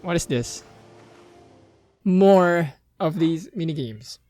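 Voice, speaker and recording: Young Filipino-accented man, lively let's-play host, higher voice, reading game text aloud. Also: takes it slowly, soft background music. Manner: excitable, reads on-screen story text aloud, mixes in Tagalog asides. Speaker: gaming YouTuber.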